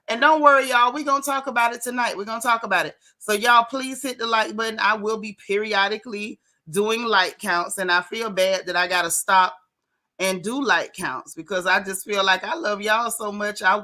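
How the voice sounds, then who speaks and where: A woman hosting a casual livestream, greeting viewers by name in a playful, animated way. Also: mid-range voice. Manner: playful, animated, Southern-leaning slang. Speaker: livestream host. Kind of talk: casual live chat.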